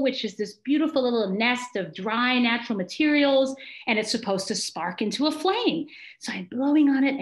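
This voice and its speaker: A middle-aged woman telling a personal story on stage, animated and dramatic. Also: a little high. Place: congregation hall on stage. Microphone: stage mic with feedback. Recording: echoey hall.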